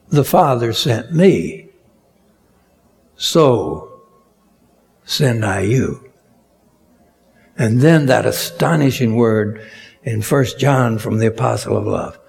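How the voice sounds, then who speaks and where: A man delivers a sermon at an unhurried, measured pace. His voice has a gravelly, husky grain. He builds to strong emphasis on key words and then drops back down. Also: medium pitch, animated, darkish tone. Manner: slow, deliberate preaching with rising emphatic peaks. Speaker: preacher.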